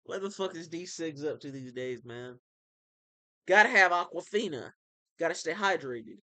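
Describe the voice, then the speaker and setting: A man in his late twenties doing a profane, erratic comedy vlog in the style of a well-known internet character, with shouting bursts. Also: fairly high pitch, animated, unhurried, dry recording. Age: 20s. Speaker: amateur comedy YouTuber. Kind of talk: crude ranting comedy vlog.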